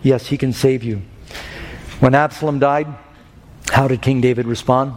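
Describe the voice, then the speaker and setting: A man's voice: medium pitch, steady tone, moderate pace, slight background noise. A man preaching an evangelistic sermon, earnest and telling stories that build to fervent peaks. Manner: earnest, rising to fervent climaxes in storytelling. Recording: music and long hall reverb.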